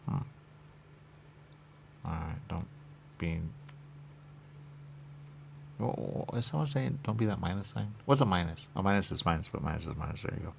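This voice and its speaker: Low gravelly man rambling to himself. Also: lively intonation, moderate pace, long pauses, slight background noise. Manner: repetitive, muttering, questions and answers himself. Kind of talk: rambling stream-of-consciousness monologue.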